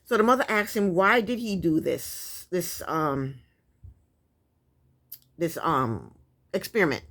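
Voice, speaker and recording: A woman's voice: on the low side, expressive, takes it slowly, a bit bright. A woman giving a casual, opinionated TV recap, blunt and sassy, with chatty asides. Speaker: TV recap vlogger.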